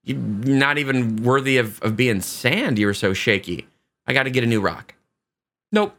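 A man, a priest, preaching a casual, animated homily and acting out the lines of the people in the story. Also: medium pitch. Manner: casual, animated retelling with quick voiced asides.

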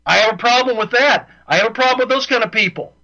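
Radio host, man, high and piercing voice, heated and repetitive, dull broadcast sound. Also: quick pace, bright, forceful tone. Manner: ranting, repeats himself for emphasis. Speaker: radio talk show host. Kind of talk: opinionated radio monologue.

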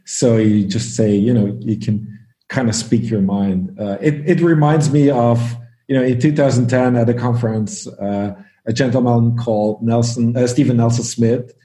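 Man from Belgium, mellow voice in an echoey room. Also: medium pitch, fairly even intonation, moderate pace. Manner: storytelling, laughs often, many fillers. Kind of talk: casual panel chat.

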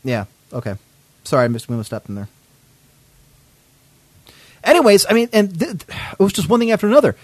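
A man's voice: sits high, huge pitch swings, brisk, pauses often, darkish tone, no echo. A man hosting a podcast, telling a story in a casual, indignant way, swearing often. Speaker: podcast host.

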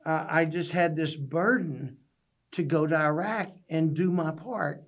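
A man's voice: fairly high pitch, unhurried. Earnest man telling stories. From Texas. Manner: earnest, folksy storytelling with restarts. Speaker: podcast guest. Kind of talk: storytelling interview. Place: podcast studio.

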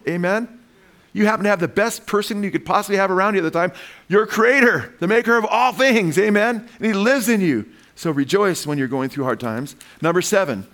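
Conversational man preaching a sermon. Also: medium pitch. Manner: conversational preaching, calls out "amen?" to the congregation; acts out quoted voices of tempted people. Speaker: pastor.

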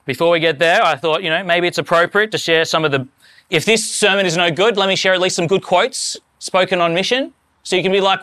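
Male pastor, higher register, bright sharp tone, dry close sound, earnest sermon delivery. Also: fast, no echo. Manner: earnest, rising to fervent emphasis on quotes.

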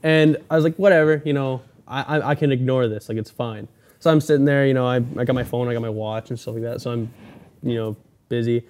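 A man's voice: mid-range voice, steady tone, fairly quick, a little mellow. A young man hosting a casual podcast, telling a story in a rambling way and acting out the people in it. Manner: rambling storyteller, acts out quoted people in a raised voice. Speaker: podcast host. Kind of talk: casual chat.

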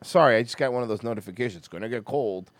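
A man from Florida hosting a podcast, ranting loudly and crudely and mocking others in exaggerated voices. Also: medium pitch, racing, no echo. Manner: loud, profane, mocking rant. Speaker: podcast host. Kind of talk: casual podcast rant.

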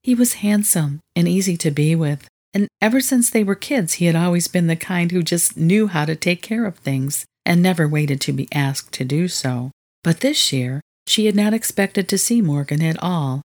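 A woman narrating a novel in a measured storytelling manner. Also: on the low side, animated, darkish tone. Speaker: audiobook narrator. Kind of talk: scripted narration.

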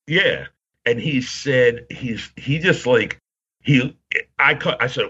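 A husky-voiced man in his fifties from Baltimore spins a rambling story in casual podcast chat. The sound is a little dull and lo-fi. His pitch sits in an ordinary middle range. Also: lively intonation, takes it slowly, bright, forceful tone. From Baltimore, Maryland. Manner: rambling anecdotes, acts out quoted voices.

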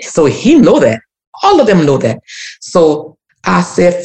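Gravelly-voiced woman telling a heartfelt story. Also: deep voice, very animated, moderate pace, a little mellow. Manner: emotional, repetitive, church-rooted testimony. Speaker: community activist guest. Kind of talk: personal storytelling.

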